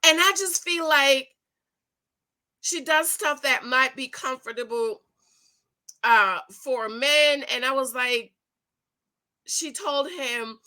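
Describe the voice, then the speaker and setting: A middle-aged woman chatting casually to her viewers while recapping a TV show, animated and laughing often. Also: high-pitched, takes it slowly, pauses often. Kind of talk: casual reaction commentary.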